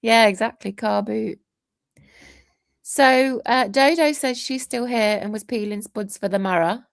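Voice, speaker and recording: Woman co-host on a video-call livestream: higher voice, authoritative teacherly delivery, laughs easily, dry close sound. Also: a little slow, vocal fry, dry recording. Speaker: livestream co-host reading chat. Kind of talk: casual group chat on a livestream.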